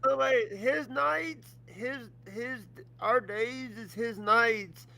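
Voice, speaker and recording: High, bright-voiced stammering man, slow. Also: creaky. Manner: stammering, says dude. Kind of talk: casual chat.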